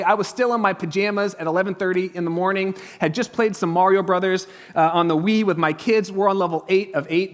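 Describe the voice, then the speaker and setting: A man in his thirties, a pastor preaching a sermon in a conversational, humorous way, telling stories and dropping to a hush at tense moments. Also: high-pitched. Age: 30s. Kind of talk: sermon with storytelling. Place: church.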